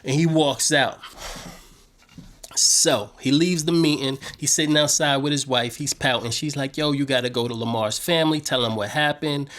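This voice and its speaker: A man hosting a casual recap, talking slangy and animated, retelling scenes. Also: medium pitch, normal speed. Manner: slangy, animated, paraphrases scenes in his own street voice. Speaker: show host.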